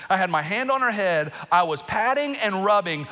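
High, bright-voiced preaching man. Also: moderate pace. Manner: emotional, animated preaching with laughs and outbursts. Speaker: pastor. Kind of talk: sermon. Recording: long reverb in a large hall.

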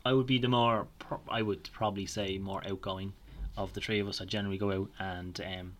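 A man, co-hosting a podcast in relaxed, conversational chat and chuckling often. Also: deep voice, a little fast, slight background noise. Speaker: podcast co-host. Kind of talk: casual chat.

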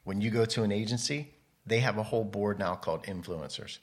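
Deep-voiced man chatting in an interview. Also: a little fast. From United States. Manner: rambling, self-interrupting storyteller. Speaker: podcast guest, model and photographer. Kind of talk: casual interview chat.

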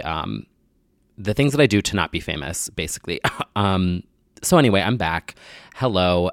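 A man's voice: low voice, no room sound, studio quality. A young man hosting a casual solo podcast, slightly nasal from a sinus infection, rambling and joking crudely. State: getting over a sinus infection. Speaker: podcast host.

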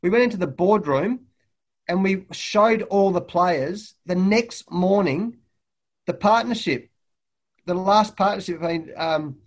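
A middle-aged Australian man, a head coach and guest, telling lively stories and acting out what people said. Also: sits high, unhurried. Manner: lively anecdotes, acting out quotes loudly. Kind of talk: animated storytelling in a podcast interview. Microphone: remote call.

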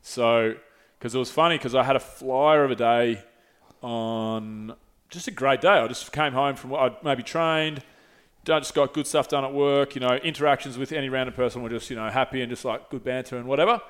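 A young man talks in a loose, candid way, swearing often and restarting his sentences as he tells a story. His pitch sits in the middle for a man, and the talk is an easygoing, casual chat. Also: brisk, fairly bright tone, clear, resonant tone. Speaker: podcast host.

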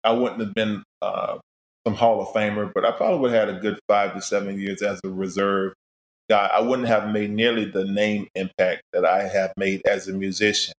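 A middle-aged man, a musician and podcast guest, telling his life stories in a casual, animated way and acting out past conversations. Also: lowish voice, normal speed, reverberant. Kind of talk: casual storytelling interview.

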